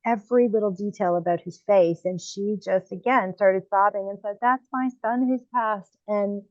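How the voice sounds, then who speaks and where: Woman, podcast host, medium, lively storyteller, casual chat, dull lo-fi sound, dry. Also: mid-range voice, normal speed, no echo. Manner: lively storyteller, acts out quoted exclamations.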